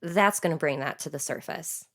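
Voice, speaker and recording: A woman co-hosting a podcast, responding in a measured, reflective way with casual swearing. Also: low voice, fairly bright tone. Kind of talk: casual chat.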